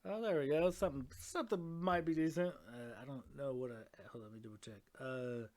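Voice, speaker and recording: A man's voice: medium pitch, a little fast, darkish tone. A man playing in an online tabletop game, casual and profane, laughing often. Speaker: player. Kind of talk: tabletop game play over voice chat. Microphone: new mic set too quiet.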